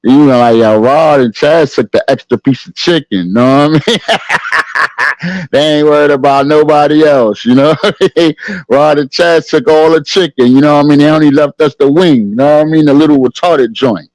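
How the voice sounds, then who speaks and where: A man's voice: fairly high pitch, moderate pace, no echo, low-quality recording. A middle-aged man hosting a casual livestream podcast, reading the chat, laughing often and saying "you know what I mean" after nearly every line. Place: at home with camera off.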